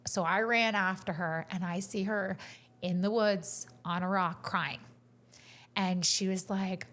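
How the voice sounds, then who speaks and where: A woman sharing a personal story on a faith-based talk show. She speaks earnestly in a middle-pitched voice and drops into soft, breathy near-whispers when the moment turns tender. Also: fairly even intonation, unhurried. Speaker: podcast co-host and coach. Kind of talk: faith-based casual conversation.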